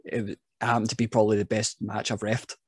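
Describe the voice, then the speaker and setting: Speaking fast in a slightly rough, lowish voice, this man is a wrestling referee guest spinning animated stories in a relaxed chat and laughing at his own expense. The audio is studio quality, with no room sound.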